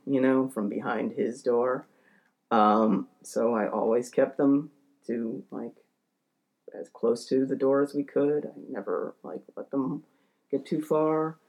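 A man telling a story in casual talk, rambling with lots of fillers and restarts, and getting heated as he goes. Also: gravelly. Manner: acts out quotes in a shouting higher voice; grows heated and ranting. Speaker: podcast storyteller.

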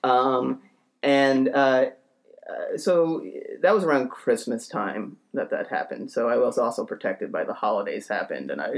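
This podcast storyteller has lively intonation, vocal fry and a normal speed. His casual tale wanders with fillers and restarts, getting more heated and ranting, and he shouts quoted lines in a raised voice.

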